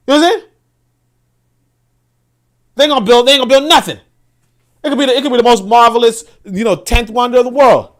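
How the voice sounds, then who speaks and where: A man hosting a podcast, giving animated, profane, casual political commentary and often repeating words as he restarts sentences. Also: very high voice, fast talker, pauses often. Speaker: podcast host.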